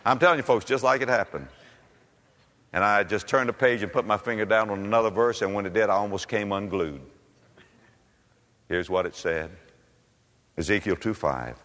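A man preaching a revival sermon, dramatic and fervent, swinging from loud exclamations to hushed low lines and firing off rhetorical questions. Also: animated, moderate pace, long pauses. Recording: echoey hall.

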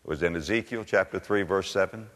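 A man preaching a revival sermon, dramatic and fervent, swinging from loud exclamations to hushed low lines and firing off rhetorical questions. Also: fast. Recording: echoey hall.

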